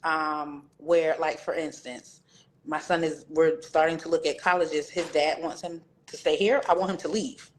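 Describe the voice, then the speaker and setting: A woman's voice: deep voice, fairly even intonation, normal speed. A woman in her forties, a guest author in a candid interview, telling her story with animation and acting out other people's voices.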